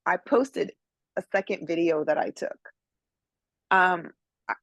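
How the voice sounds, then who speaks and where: Hesitant low-voiced woman asking a question. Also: no echo. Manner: hesitant, many ums and self-doubt. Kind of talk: hesitant group-call question.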